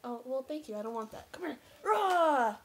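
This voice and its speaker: A woman's voice: on the high side, fast, a little mellow, breathy edge. A young woman, chatting playfully and breathlessly in her bedroom, giggling and teasing. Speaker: vlogger. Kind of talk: casual chat.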